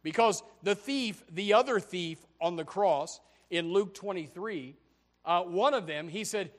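A man preaching a sermon, impassioned and building to loud, emphatic peaks. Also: high-pitched, expressive, normal speed.

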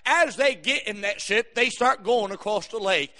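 Preacher, man, very high, bright and forceful voice, dramatic storytelling sermon. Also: animated, normal speed. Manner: dramatic storytelling, bursts of shouting.

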